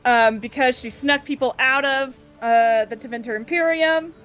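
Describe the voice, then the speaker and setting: A woman's voice: high-pitched, moderate pace, fairly bright tone. A woman casually recapping a tabletop game session, chatty and giggly, briefly acting out the party members' lines. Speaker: player recapping the previous session.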